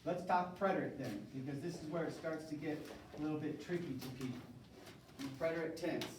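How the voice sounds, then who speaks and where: A man's voice: fairly high pitch, brisk, recorded from a distance, noisy background. Male Spanish teacher in echoey classroom. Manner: drills verb forms call-and-response with students. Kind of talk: classroom lecture.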